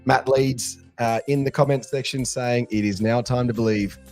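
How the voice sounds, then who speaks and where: Hoarse Australian podcast host. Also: male voice, medium pitch, normal speed, faint music behind. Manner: excited, rambling fan banter. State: hoarse, lost his voice. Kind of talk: casual podcast chat.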